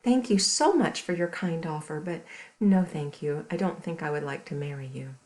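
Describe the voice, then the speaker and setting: A woman voicing a lonely, polite young princess in a storybook read aloud for children, speaking gently and courteously. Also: deep voice, moderate pace, close to an everyday voice, poor audio.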